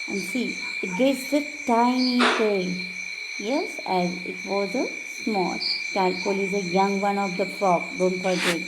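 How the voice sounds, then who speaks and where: A woman's voice: mid-range voice, darkish tone. A middle-aged woman teacher, explaining a children's poem in a sing-song classroom manner full of questions.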